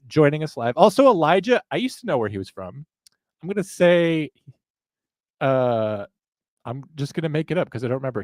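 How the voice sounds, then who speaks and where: A man co-hosting a live podcast at a mid pitch, rambling from one joke to the next with the odd profane aside. The sound is close and dry, with no room around him. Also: gravelly, a little mellow, dry recording. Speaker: podcast co-host.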